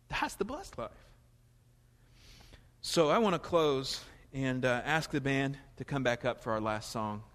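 A pastor preaching a conversational, animated sermon in a church, his voice rising in emphatic questions. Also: mid-range voice, measured pace. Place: church sanctuary. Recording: long hall reverb, faint music.

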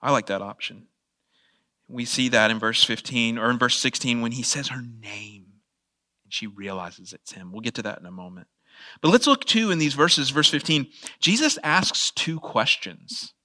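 A man's voice: mid-range voice, normal speed, bright, forceful tone. A man preaching a conversational sermon, asking the audience questions and laughing at his own asides. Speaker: pastor.

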